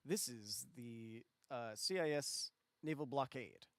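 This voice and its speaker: A man voicing a curt male blockade officer, speaking formally and stiffly, with some halting fillers. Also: medium pitch, no room sound. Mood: stern.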